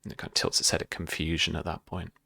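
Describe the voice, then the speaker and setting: A man narrating as game master for a tabletop game, pausing often with fillers. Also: rumbling low, monotone, gravelly, bright, forceful tone, slightly rough, no room sound, studio quality. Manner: hesitant, many fillers.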